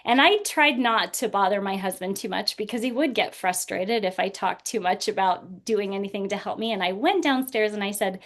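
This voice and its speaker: A woman's voice: mid-range voice, moderate pace, hardly any pauses, fairly bright tone. A woman in her forties telling a personal story as a podcast guest, earnest and laughing now and then through hard memories. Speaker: guest speaker.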